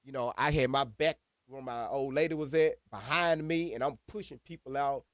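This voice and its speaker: A man casually telling a personal story to viewers, animated and profane, calling them y'all. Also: mid-range voice, moderate pace, no room sound, clean studio sound. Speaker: storyteller recounting a personal incident.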